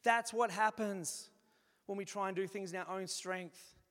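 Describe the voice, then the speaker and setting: A man with a notably high voice delivers a sermon, lively and conversational, slipping into little acted-out asides. His words carry a long reverb, as if spoken in a large hall. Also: a little slow. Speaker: preacher.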